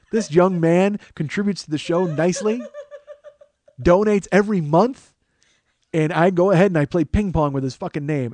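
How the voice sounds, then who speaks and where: A man in his forties hosts a comedy podcast in loose, casual chat. His voice sits a little high, and he rambles, jokes crudely and makes fun of himself. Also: a little mellow, no room sound. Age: 40s. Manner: rambling, self-mocking, crude. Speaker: podcast host.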